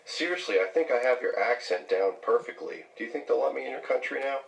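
A man's voice: medium pitch, animated, fast, gravelly, a little hiss or hum. An American man leaving crude, mocking voicemails to tease a friend. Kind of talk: teasing voicemail banter. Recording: voicemail recording from a distance.

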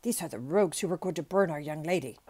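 A woman reading aloud, voicing an excitable young male servant who talks nervously and impatiently. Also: deep voice, fast. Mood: muttering. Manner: anxious and excitable.

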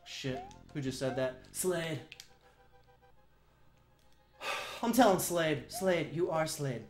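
A woman streaming a speedrun, talking in a joking, excitable way that swings to shouting, in an echoey room. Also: sits low, slow, soft background music. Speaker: video game streamer. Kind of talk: live-stream commentary while speedrunning.

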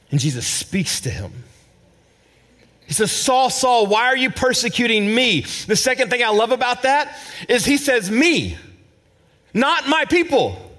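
A male pastor delivering a sermon with a high, lively voice that climbs and plunges. He moves between ringing emphasis and quiet, low asides. Now and then he repeats a word as he feels for the next phrase. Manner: dramatic preaching, swinging between loud emphasis and hushed, low asides; repeats words when searching for phrasing. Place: church service with a responding congregation.

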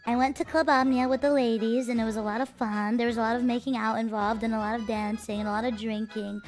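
A young woman streamer chats with her viewers in a high, bright voice. She moves from loud, defensive bursts to quiet asides. Faint music plays behind her. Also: quick pace. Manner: animated, defensive, swings between loud and quiet. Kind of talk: casual storytelling to viewers.

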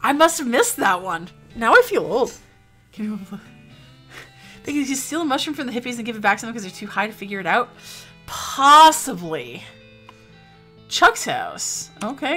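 Young woman, game streamer, playful, reads game text aloud, bright lively voice, light music behind. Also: a little high. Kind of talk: live game-stream commentary.

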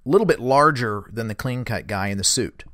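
A man casually retells a source's encounter as host, in a relaxed, rambling way with fillers and lively quoted speech. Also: mid-range voice, brisk, dry recording. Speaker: host recounting a source's story. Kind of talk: conversational storytelling.

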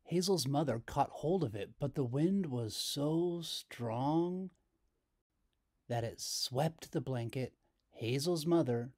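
A man reading a children's picture book aloud as storyteller, slow and expressive. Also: medium pitch.

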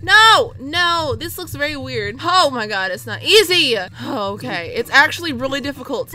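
High, lively young woman shouting over a game. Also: moderate pace, few pauses. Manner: shouts and wails at losses, excitable. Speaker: gaming video host. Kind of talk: excited gameplay commentary.

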